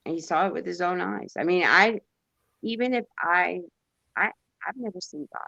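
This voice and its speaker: A woman in a casual spiritual chat, talking in a halting way and repeating words. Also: lowish voice, vocal fry, pushed and bright, highs cut off.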